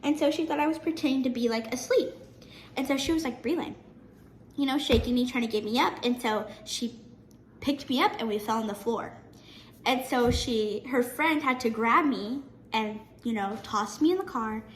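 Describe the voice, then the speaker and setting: A teenage girl with a high voice chats to her viewers, animated and quick to restart her sentences. She is recorded in an echoey room with a faint hum in the background. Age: teen. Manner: chatty, animated, frequent restarts. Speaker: vlogger. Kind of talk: casual storytelling to camera.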